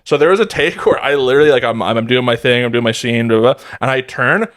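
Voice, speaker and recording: A man's voice: mid-range voice, fast talker, a bit bright. A man, an actor and podcast guest, chatting casually in a loose, profane way and acting out quotes in his stories. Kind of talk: casual chat.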